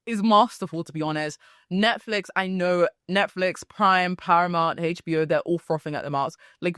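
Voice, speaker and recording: A young woman hosting a solo podcast, telling stories in a chatty, animated way with frequent asides. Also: on the low side, no echo, clean studio sound. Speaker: podcast host. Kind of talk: casual solo podcast chat.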